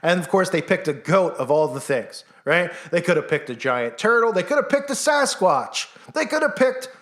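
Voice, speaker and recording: Male vlog host, higher-pitched voice, heated sarcastic rant full of mocking questions. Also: big pitch swings, normal speed, a bit bright. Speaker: channel host. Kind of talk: ranting commentary vlog.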